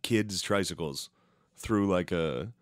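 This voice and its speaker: A man co-hosting a casual podcast, telling crude jokes and stories and breaking into squeaky impressions. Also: slow pace, dry recording, studio quality. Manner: crude, joking storyteller who mimics people in high squeaky voices. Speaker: podcast co-host.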